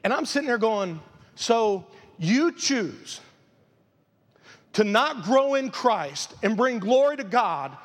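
A man's voice: sits high, very animated, slow. A man preaching a sermon as a pastor, emphatic and conversational. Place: church sanctuary. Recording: long reverb of a large church hall.

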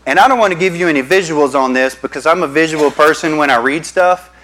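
A man's voice: a little high, quick pace, a bit bright, poor audio. A male pastor, preaching a sermon and telling stories to the congregation. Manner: storytelling, addresses the congregation as y'all.

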